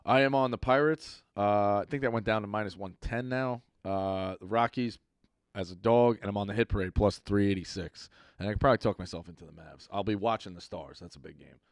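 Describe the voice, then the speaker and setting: A man hosting a casual sports betting chat, brisk as he steers it from one guest to the next. He talks fast and is recorded dry and close, with no room sound. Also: on the low side, clear, resonant tone, no room sound. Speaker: podcast host.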